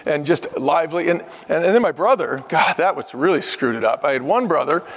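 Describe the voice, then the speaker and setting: A man's voice: a little high, expressive, brisk, a bit bright. Emphatic fiftyish man with a lifted voice. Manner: earnest, emphatic storytelling that acts out the people he quotes. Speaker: podcast guest, former restaurant chief executive. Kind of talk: conversational interview. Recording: long hall reverb.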